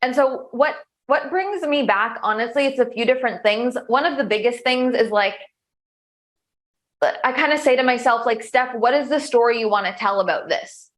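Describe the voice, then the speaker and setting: A woman's voice: on the high side, moderate pace. A young woman coach answering interview questions in a chatty, upbeat way, full of restarts and filler words. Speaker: coach and show host.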